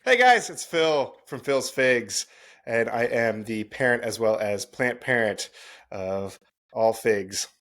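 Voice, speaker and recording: Upbeat, animated man on a podcast. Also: medium pitch, slow. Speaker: regular podcast co-host. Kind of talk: casual podcast chat.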